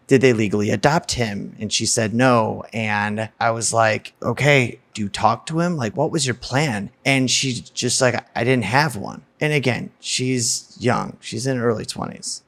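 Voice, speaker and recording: Blunt man telling a personal story. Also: mid-range voice. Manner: blunt, swears freely, fast emotional retelling.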